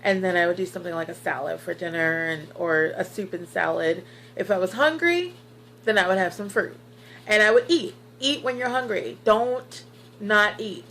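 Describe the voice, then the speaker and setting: Speaking at medium pitch and normal speed with a fairly bright tone, a vlogger in her thirties earnestly encourages viewers in her personal weight-loss vlog, filling her talk with fillers and growing tearful at times. There's slight background noise, and the recording is low quality.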